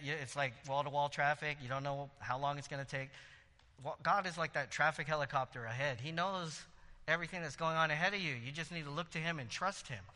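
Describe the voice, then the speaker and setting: A man who serves as a church elder, preaching a sermon in a casual, lively way, with asides and jokes between readings. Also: fairly high pitch, in a large hall.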